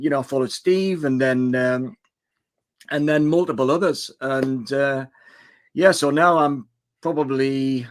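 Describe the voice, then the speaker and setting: A man in his sixties, retired, with a somewhat high voice. He chats with easy enthusiasm, rambling a little as he tells how he got started. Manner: chatty, enthusiastic, loose storytelling. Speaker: guest. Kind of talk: casual chat on a live stream.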